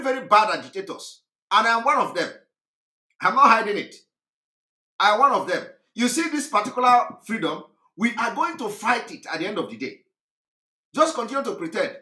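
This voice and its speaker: A man's voice: high-pitched, sharp tone. A man from southeastern Nigeria with a Nigerian accent, giving an impassioned political monologue, mocking and fiery, laughing between his points. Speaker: political activist broadcaster. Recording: roomy echo.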